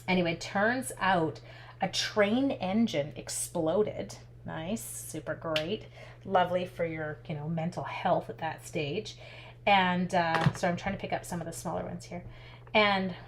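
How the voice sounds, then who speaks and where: A woman's voice: on the low side, normal speed, a little hiss or hum. A chatty woman giving a casual craft tutorial while telling stories as she works. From Canada. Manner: chatty, animated, talks while working with her hands. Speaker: craft demonstrator.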